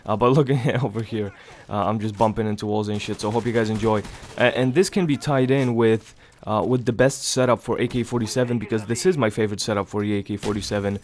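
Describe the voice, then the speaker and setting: A young man with a stuffy nose from a cold, giving rambling, casual gameplay commentary in a hushed low voice so he won't wake anyone at home. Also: steady tone, quick pace. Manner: hushed low voice to avoid waking others; rambling, many fillers, swears casually. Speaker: gaming channel host. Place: home, early morning.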